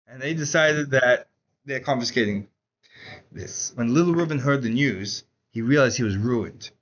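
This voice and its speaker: A man teaching a Chassidus class in a casual, animated storytelling way, saying "like" often. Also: mid-range voice, dull audio, slight background noise. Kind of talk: Torah class lecture with storytelling.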